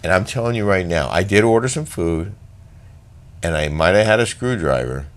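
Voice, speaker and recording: A man's voice: low voice, expressive, normal speed. A middle-aged man co-hosting a talk show, telling a travel story in casual chat and acting out the voices and sound effects in it. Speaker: radio show co-host.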